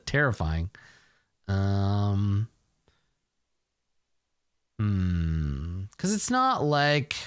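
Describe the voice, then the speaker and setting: A man's voice: on the low side, huge pitch swings, extremely slow, long pauses, clear, resonant tone, dry recording, clean studio sound. A man narrating a solo tabletop role-play session in a casual, rambling way, with self-mocking asides. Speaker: solo game player and narrator.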